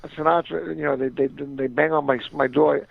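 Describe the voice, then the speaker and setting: Over the phone, with no echo on the dry, tinny line, a gravelly and slightly high male voice keeps fairly even intonation at normal speed. The caller is an older former boxer rambling through a long story, repeating himself and imitating the people he quotes.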